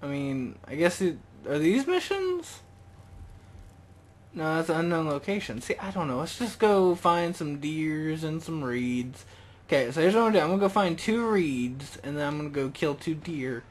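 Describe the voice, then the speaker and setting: A man's voice: on the high side, normal speed. Jokey young man playing a game. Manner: rambling, jokey, excitable. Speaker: gaming video host. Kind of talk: casual let's-play commentary.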